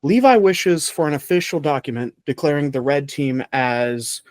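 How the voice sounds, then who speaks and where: A man's voice: fairly high pitch, expressive, normal speed, no room sound. A man hosting a casual podcast game show, playful and laughing often between rules.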